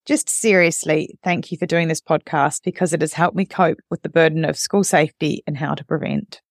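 A woman's voice: low voice, steady tone, a little fast, dry recording. Choked-up woman podcast host, dry close mic. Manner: emotional, choked up while reading. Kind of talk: casual chat, reading a letter aloud. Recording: dry, close studio sound.

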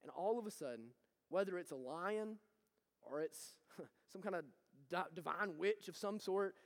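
Male pastor, 30s, very high voice, dynamic sermon delivery, reverberant church sound. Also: a little slow, gravelly. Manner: preaching with swings from loud to hushed. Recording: long hall reverb.

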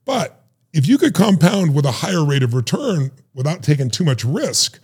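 A middle-aged man telling stories in an animated, emphatic way and acting out the voices he quotes. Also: fairly high pitch, moderate pace, slightly rough. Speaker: guest, life strategist. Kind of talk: animated storytelling.

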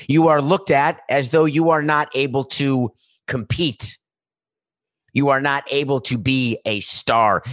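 A man's voice: medium pitch, a bit bright, dry recording, studio quality. Emphatic man delivering a sports rant. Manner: emphatic, repetitive, building lists. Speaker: sports commentator. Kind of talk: opinionated monologue.

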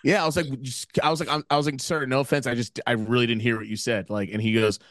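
A man co-hosting a podcast who tells stories in an excitable, rambling way with plenty of swearing. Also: medium pitch, fast, dry recording, clean studio sound. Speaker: podcast co-host. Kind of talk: casual chat.

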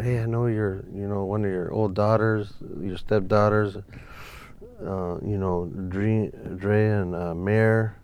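A man's voice: on the low side, a little hiss or hum. A man, a photographer guest telling a long story in a casual, profane interview. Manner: profane, animated anecdote with quoted voices.

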